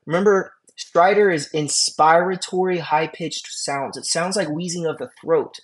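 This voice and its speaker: A man teaching an emergency medicine class, talking casually with quick asides and questions to his students. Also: on the high side, husky. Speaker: EMS instructor. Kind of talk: classroom lecture.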